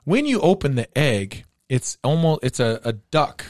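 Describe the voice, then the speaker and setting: A man's voice: medium pitch, very animated, measured pace. A man telling a long personal story in casual chat, laughing often.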